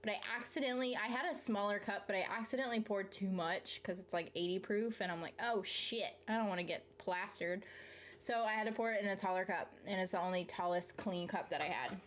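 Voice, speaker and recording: There's a little hiss or hum as a medium-pitched Southern US woman talks fairly quickly on a live stream. Chatting casually, she reads viewer comments aloud and answers them in a rambling fashion, swearing freely and laughing mid-sentence.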